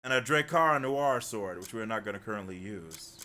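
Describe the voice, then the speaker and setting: A man livestreaming a game, chatty and excitable, talking to his chat as he plays. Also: lowish voice, normal speed, a little hiss or hum. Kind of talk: live game commentary.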